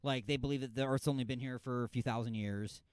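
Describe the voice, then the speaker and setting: A man's voice: medium pitch, fairly even intonation, fast, darkish tone, clean tone, no room sound. A man co-hosting an internet radio show, chatting casually and joking around. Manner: joking, jumps between goofy accents. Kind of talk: casual podcast banter.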